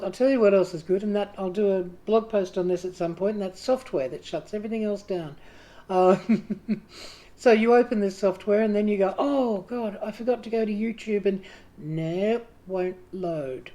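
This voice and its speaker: Woman, writing group host, casual talk to camera, chatty, self-deprecating, mellow warm tone. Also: medium pitch. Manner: chatty, self-deprecating, acts out quoted inner voices.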